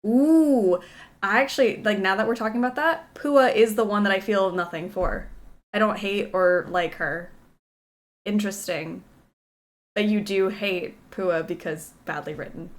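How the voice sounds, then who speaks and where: A woman streamer raised in Kentucky and Texas chats with her viewers while she plays, excitable and quick to giggle. Her voice sits in an ordinary middle register, casual and animated with enthusiasm. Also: medium pitch. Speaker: game streamer. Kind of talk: casual chat while playing a game.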